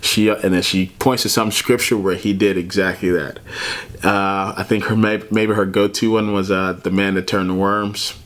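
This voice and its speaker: A man's voice: low-pitched, flat delivery, normal speed, a bit bright. A man hosting a reaction video, talking casually, often laughing and calling the listener man and bro. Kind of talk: casual commentary.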